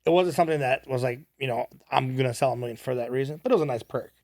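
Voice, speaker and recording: Gravelly-voiced man telling a story. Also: medium pitch, rapid-fire, no room sound, clean studio sound. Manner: animated, quotes people in his stories. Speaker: podcast guest. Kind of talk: casual storytelling chat.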